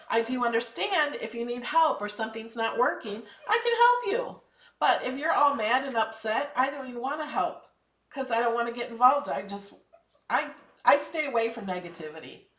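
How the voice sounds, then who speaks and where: An upbeat woman hosting a live craft lesson, chatting and encouraging viewers with firm emphasis when she gives advice. Her voice sits a touch higher than most women's. It is recorded in an echoey room, a little away from the mic. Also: a bit bright, recorded from a distance. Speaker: craft channel host. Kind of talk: casual live tutorial.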